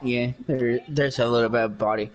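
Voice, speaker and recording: A man's voice: mid-range voice, fairly even intonation, brisk, muffled recording. A young man chatting casually while gaming, boastful and rambling, with many fillers. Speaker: game streamer doing impressions.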